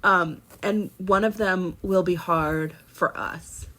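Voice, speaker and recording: A woman's voice: fairly low pitch, slow pace, sharp tone. A woman co-hosting a podcast in casual chat, rambling with many fillers and restarts. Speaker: podcast co-host.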